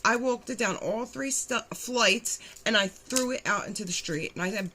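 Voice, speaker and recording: Blunt young woman, bright voice. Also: a little high, moderate pace, few pauses, a little hiss or hum. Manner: blunt, animated retelling with acted-out quotes and swearing. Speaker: vlogger telling her recovery story. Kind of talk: candid storytelling.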